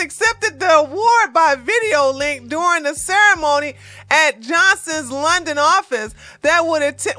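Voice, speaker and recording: A woman's voice: sits high, expressive, moderate pace, bright, forceful tone, dry recording. A woman hosting a news commentary show, reading stories aloud and breaking off for sarcastic, mocking remarks. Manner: sarcastic, mocking asides between read-out passages; breaks into laughter while reading.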